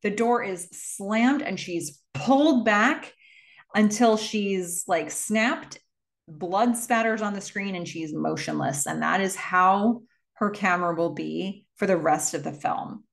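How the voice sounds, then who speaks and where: A woman's voice: mid-range voice, slow pace, gravelly. A woman hosting a casual movie recap and telling the plot in a chatty way, with many fillers. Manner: chatty, filler-heavy storytelling.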